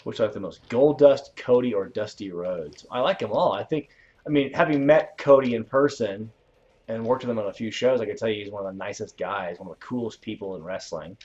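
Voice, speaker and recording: This young man's voice sits on the low side with a darkish tone, and he talks fairly quickly. Casual and rambling, he chuckles through his game livestream while answering viewer questions. A dull lo-fi mic captures him.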